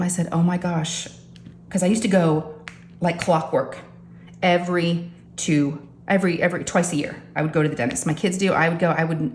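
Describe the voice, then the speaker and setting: A middle-aged woman chatting casually as a crafting vlogger, animated and talking straight to her viewers. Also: fairly low pitch, a little hiss or hum. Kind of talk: casual storytelling chat. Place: home craft room. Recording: echoey room with faint ambience.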